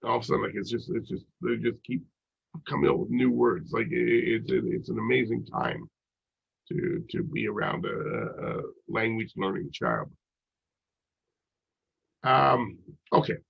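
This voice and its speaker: Gravelly, congested man lecturing casually. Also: mid-range voice, expressive, a little slow, pauses often. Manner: casual, rambling with many "like" and "you know" fillers. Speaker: psychology instructor. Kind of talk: recorded lecture. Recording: dull lo-fi recording.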